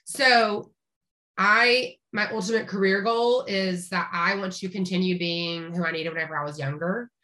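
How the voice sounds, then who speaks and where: Bright-voiced woman from Appalachia. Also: medium pitch, steady tone, moderate pace. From rural East Tennessee, Appalachia. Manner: chatty, upbeat, frequent restarts and laughs. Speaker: veterinarian, podcast guest. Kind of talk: casual interview chat.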